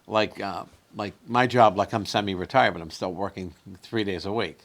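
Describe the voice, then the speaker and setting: Gravelly low-voiced guy in his late 60s, comedian rambling through stories, slips into quoted voices. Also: moderate pace, fairly bright tone. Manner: rambling storyteller, fond of acting out quotes. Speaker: comedian guest. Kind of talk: casual chat.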